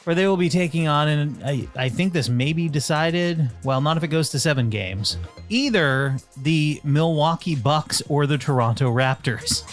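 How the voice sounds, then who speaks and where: A man's voice: a little high, animated, moderate pace, soft background music. A man co-hosting a casual podcast, teasing his partner with sarcastic complaints. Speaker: podcast co-host.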